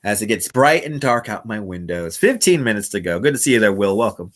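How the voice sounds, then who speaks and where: Chatting playfully on a livestream from home, this man reads out comments and laughs often. His voice is on the low side, very animated, fairly quick and a bit bright, picked up by a wireless clip-on mic.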